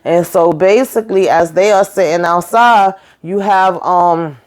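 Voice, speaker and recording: A woman's voice: fairly low pitch, a little slow. A woman recapping a TV episode in a casual, chatty way. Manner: chatty, animated retelling with acted quotes and asides. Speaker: YouTube reviewer.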